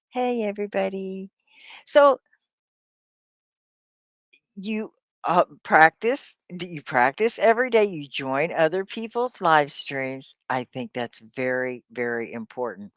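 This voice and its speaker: A woman teaching an English lesson on a live stream, drilling words slowly and cheering on her students. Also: fairly low pitch, dry recording, studio quality. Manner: slow, drawn-out word drills; upbeat, encouraging. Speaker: ESL teacher.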